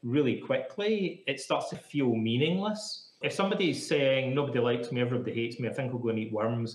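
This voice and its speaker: A man being interviewed as a psychotherapist, explaining things in a chatty, casual way full of "like" fillers. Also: medium pitch. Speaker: psychotherapist guest. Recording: echoey room.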